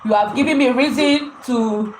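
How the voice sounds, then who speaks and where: A woman's voice: high-pitched, moderate pace, echoey room, slight background noise, rough recording. A woman co-hosting a live anniversary stream from home, talking emotionally to viewers and often repeating herself. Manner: emotional, repeats and restarts phrases.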